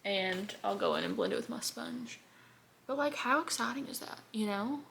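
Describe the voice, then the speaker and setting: A woman's voice: on the high side, moderate pace, gravelly, a bit bright, a little hiss or hum. A young woman, chatting in a bubbly, rambling way while doing her makeup on camera. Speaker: beauty vlogger. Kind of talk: casual get-ready-with-me chat.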